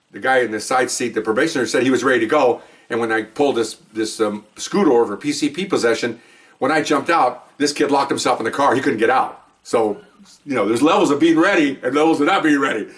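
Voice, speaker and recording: A man recounts a police story in a loose, rambling way, talking quickly. He breaks into high, exaggerated voices for the people he quotes. He sits a little back from the mic. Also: far from the mic. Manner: rambling, animated, acts out voices with big pitch jumps. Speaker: retired police officer telling stories. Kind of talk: casual spoken storytelling.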